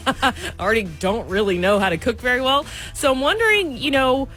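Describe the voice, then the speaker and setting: A woman's voice: fairly high pitch, moderate pace, a bit bright, soft background music. A woman from the American South hosting morning radio, chatting and giggling as she asks listeners for advice. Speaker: radio morning show co-host. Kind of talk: casual radio chat. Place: radio studio.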